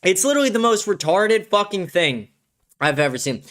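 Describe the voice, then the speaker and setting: A man's voice: high voice, big pitch swings, brisk, fairly bright tone. A young man hosting a livestream show, ranting in a profane, aggressive, heated way. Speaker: show host. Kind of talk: livestream political rant.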